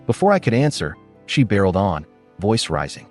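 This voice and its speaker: A man giving scripted, expressive narration of a first-person story. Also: on the low side, fairly quick, faint music behind.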